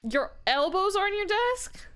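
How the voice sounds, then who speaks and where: A tired woman streaming a game and chatting casually with a friend, playful and teasing with quick laughs. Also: very high-pitched, sing-song, a bit bright. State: tired, low energy. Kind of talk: casual gaming chat.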